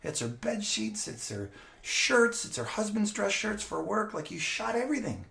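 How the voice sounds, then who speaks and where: A man voicing an angry old grandfather who scolds kids loudly and with exasperation. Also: high-pitched, very animated, normal speed, creaky, roomy sound, voice pushed up, heavily acted. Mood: scolding.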